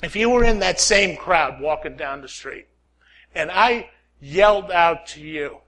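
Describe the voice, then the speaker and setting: A man with a voice on the high side preaches a sermon at a measured pace. He swings between loud calls and hushed prayer, repeats lines, and asks "Amen?".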